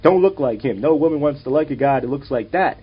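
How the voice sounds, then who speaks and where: A man voicing a loud, mocking middle-aged man who heckles strangers on a bus. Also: expressive, fast, husky, highs cut off. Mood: taunting. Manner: brash, taunting, high-pitched.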